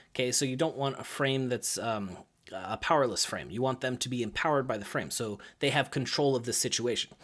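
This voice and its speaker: Lively man coaching young gymnasts. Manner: lively, acts out kids' lines in higher voices, many fillers. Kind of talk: casual coaching talk to camera.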